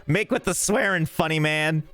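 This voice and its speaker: A man with a slightly high, sharp-toned voice chats and jokes with his chat while live-streaming a video game, rambling irreverently and swearing freely at a moderate pace. Soft music plays in the background.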